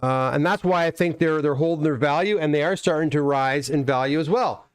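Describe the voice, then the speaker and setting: A man's voice: fairly high pitch, brisk, clean tone, no echo, clean studio sound. A middle-aged man from Canada hosting a casual live stream, chatting in a rambling way and reading comments aloud. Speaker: livestream host unboxing graded comics.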